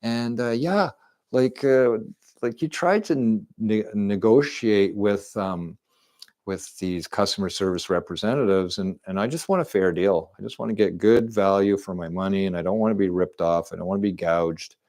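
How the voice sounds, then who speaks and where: A man's voice: fairly low pitch, normal speed, a little mellow. A middle-aged man, talking at home into a desk microphone in a rambling, repetitive stream monologue full of restarts. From Canada. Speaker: live streamer. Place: at home indoors.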